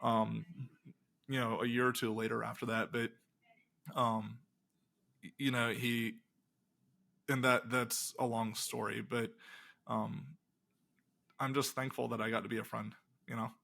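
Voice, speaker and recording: A man's voice: medium pitch, unhurried, gravelly, long pauses. A middle-aged man, a pastor and game designer, telling stories in a casual interview and acting out the dialogue. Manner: animated retelling with quoted dialogue.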